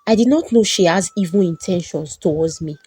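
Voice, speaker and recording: A wronged wife speaks emotionally in a husky voice, as the storyteller puts her on. She sounds mellow and close. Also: on the low side, fairly quick, dry recording. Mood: tearful. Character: wronged wife, hurt but forgiving.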